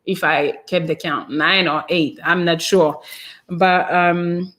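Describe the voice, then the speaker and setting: A woman's voice: fairly low pitch, fairly even intonation, slow, fairly bright tone. A French-accented woman hosting a casual live stream, chatting and reading out viewer comments in a meandering way. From France. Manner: chatty and meandering, trails off with fillers.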